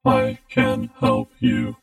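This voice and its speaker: A man voicing a booming talking robot that speaks slowly and without intonation. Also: gravelly, faint music behind, exaggerated voice. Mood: flat. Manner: flat and unaccented, slow.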